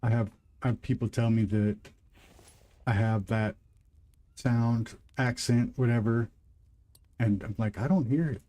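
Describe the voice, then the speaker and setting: A Midwestern man with a twang hosts a livestream, chatting casually with viewers and rambling between moves as he plays a game. His medium-pitched voice is mellow and fairly even, unhurried, with long pauses.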